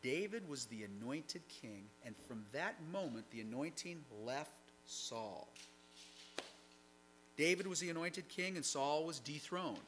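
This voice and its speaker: A man's voice: on the high side, a bit bright, slight background noise, poor audio. A man preaching a sermon, reading scripture aloud and explaining it in a conversational way. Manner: reads passages aloud then comments conversationally.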